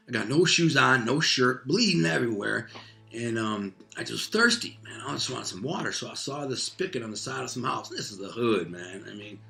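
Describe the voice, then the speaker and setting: Guest, man from Detroit, bright and forceful voice, vivid street-story delivery, faint music under. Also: mid-range voice, creaky. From Detroit, United States. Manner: vivid, animated retelling peppered with "man" and "like". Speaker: interview guest telling a life story. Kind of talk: casual spoken storytelling.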